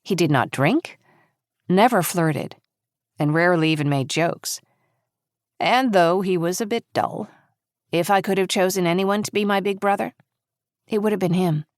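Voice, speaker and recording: Woman audiobook narrator, measured and reflective, lowish voice, dry close sound. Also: no echo. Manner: measured, reflective, quietly intimate. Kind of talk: scripted first-person audiobook narration.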